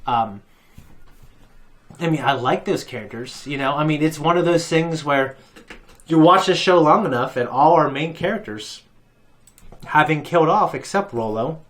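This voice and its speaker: A man giving a casual, rambling recap of a TV episode, with many pauses and restarts as a reaction video host. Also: a little high, fairly bright tone.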